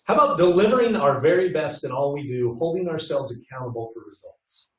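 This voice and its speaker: Brisk and animated, his voice a little high, a middle-aged man leads a customer service session in a training room, talking conversationally and posing questions to attendees. A distant mic gives the audio a roomy echo.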